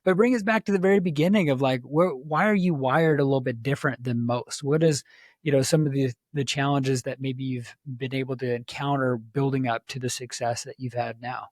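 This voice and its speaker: A male podcast host asks his guest a question in a loose, easygoing way, full of fillers and restarts. His voice has an average pitch for a man. The sound is dry and close, with no room echo. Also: brisk. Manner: relaxed, filler-heavy questioning. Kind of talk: casual interview.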